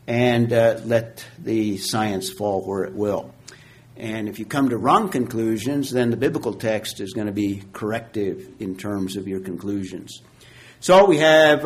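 A man teaches a Bible class in an unhurried, deliberate way, leaning hard on key words and pausing often. His voice sits at an ordinary male pitch, and the talk has the feel of a lecture. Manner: slow, measured, emphatic teaching with frequent pauses.

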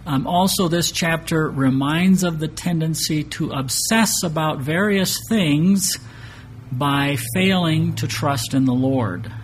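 Man, pastor, expository sermon, conversational, frequent restarts, rhetorical questions, somewhat high voice, faint room ambience. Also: slight background noise. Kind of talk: expository Bible teaching. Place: church sanctuary with projected map.

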